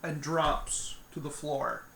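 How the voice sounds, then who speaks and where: A man's voice: a little high, flat delivery, slow, vocal fry, background noise. A man narrating a solo tabletop game in a loose, rambling way, often restarting his sentences. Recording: roomy echo.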